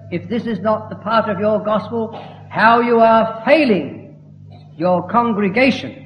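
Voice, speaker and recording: A man delivers a sermon with emphatic, fervent declamation in a fairly high voice. His words ring out through a long reverberant hall, with faint music underneath. The recording itself sounds dull and lo-fi. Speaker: preacher.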